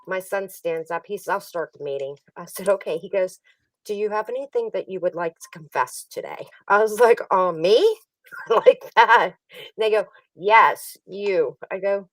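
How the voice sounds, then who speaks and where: A woman's voice: medium pitch, normal speed, dry recording, recorded from a distance, low-quality recording. A middle-aged woman hosting a livestream, telling a family story in casual chat and laughing often. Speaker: livestream host.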